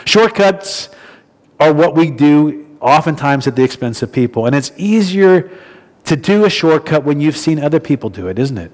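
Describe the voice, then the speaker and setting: A man from New Jersey delivers a sermon in a slightly high voice. He tells his story in a conversational, unpolished way, often restarting his sentences. The sound carries the long reverb of a church hall. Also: big pitch swings, moderate pace. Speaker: preacher.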